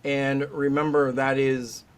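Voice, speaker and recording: A man's voice: medium pitch, slow pace, clean tone. A middle-aged man, a veterinary specialist, talking as a guest on a podcast and acting out the voices of people he quotes. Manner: animated storyteller, acts out quoted voices. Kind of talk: podcast interview.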